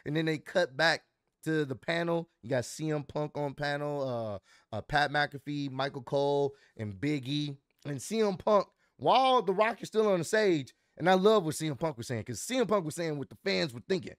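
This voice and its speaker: High-pitched guy doing a casual recap vlog, hyped and slangy, dry close sound. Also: moderate pace, no echo. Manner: excited, slangy storytelling. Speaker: wrestling commentary vlogger.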